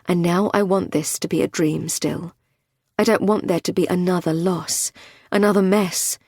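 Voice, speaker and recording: A woman narrating a thriller audiobook in a measured storytelling manner. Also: fairly low pitch, fairly even intonation, a little mellow, breathy edge, dry recording, clean studio sound.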